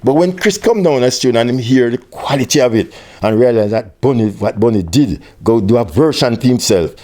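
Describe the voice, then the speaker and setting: An older Jamaican man telling an animated story in an interview, with patois phrasing, acting out other people's voices. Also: fairly quick. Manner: animated storyteller, acts out quoted voices at high pitch. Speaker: interviewee, music tour manager.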